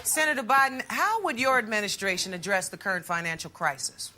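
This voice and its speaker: An actress playing a formal, measured woman debate moderator in a sketch comedy debate parody. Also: mid-range voice, big pitch swings, heavy background noise, lightly acted.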